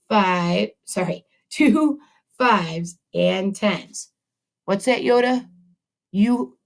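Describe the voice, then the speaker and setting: A woman teaching a math lesson to second graders, upbeat and encouraging, chatting with a puppet as she goes. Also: on the high side. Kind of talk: video math lesson for children.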